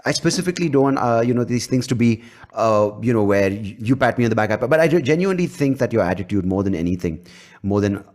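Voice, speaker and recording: A man's voice: medium pitch, expressive, fast talker, a little mellow. A man hosting a podcast, talking bluntly and animatedly, swearing freely. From India. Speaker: podcast host. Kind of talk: casual interview chat.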